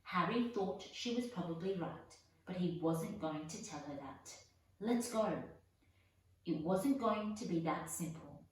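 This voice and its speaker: A woman reads a storybook aloud in a measured, unhurried manner. Her voice sits a little low, and she sounds far from the mic, with a heavy echo around her. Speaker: audiobook reader. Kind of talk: storybook narration. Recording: echoey room, voice from far off.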